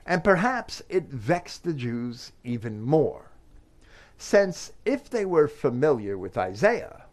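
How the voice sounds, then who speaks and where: A man giving a scripture commentary, reading verses aloud with measured emphasis. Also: medium pitch. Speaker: Bible teacher.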